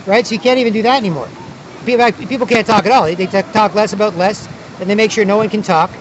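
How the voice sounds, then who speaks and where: A man's voice: sits high, fast, muffled recording, slight background noise. A man vlogging outdoors at a city square, talking in a rambling, repetitive way with many restarts. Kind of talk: casual outdoor monologue.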